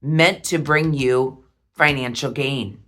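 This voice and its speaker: A woman reading tarot cards, talking slowly and softly with heartfelt pauses. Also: very deep voice. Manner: slow, soft and heartfelt, with pauses. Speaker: tarot reader.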